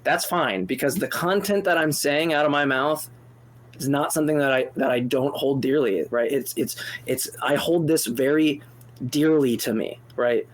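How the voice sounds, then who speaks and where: A man co-hosting a call-in debate show, animated and exasperated, speaking in fast bursts with restarts and swearing freely. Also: mid-range voice. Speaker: co-host answering a caller.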